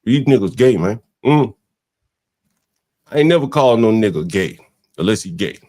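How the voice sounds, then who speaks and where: A man's voice: on the low side, expressive, moderate pace, warm tone. A man hosting a podcast, giving blunt, profane, exasperated commentary on video clips. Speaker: podcast host.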